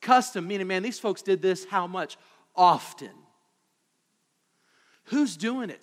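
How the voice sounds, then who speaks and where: A man preaching a sermon as pastor, swinging between loud emphasis and hushed asides and throwing rhetorical questions at the congregation. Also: high-pitched, lively intonation, slow, pauses often, big-room sound.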